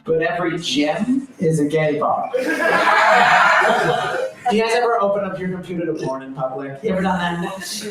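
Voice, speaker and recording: Man stand-up comic, light high voice, dry, far off in a noisy echoey room. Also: normal speed, long pauses. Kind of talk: stand-up comedy.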